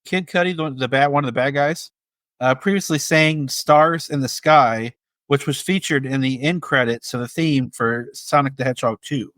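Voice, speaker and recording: A man co-hosting a casual podcast, making brief and measured remarks. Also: medium pitch, a bit bright, no echo. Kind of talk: casual chat.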